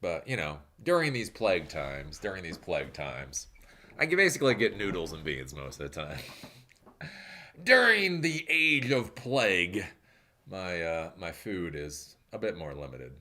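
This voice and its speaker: A man streaming a casual rant, laughing often and jumping into loud mocking voices as he answers chat. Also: low-pitched, sing-song, normal speed. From New Zealand.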